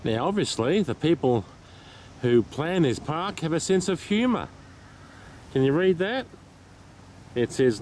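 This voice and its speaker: Breathless, excited man out walking. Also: a little high, unhurried, long pauses, slight background noise. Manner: excited, laughing often, chatty. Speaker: vlogger. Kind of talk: casual vlog while walking. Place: outdoors in a park.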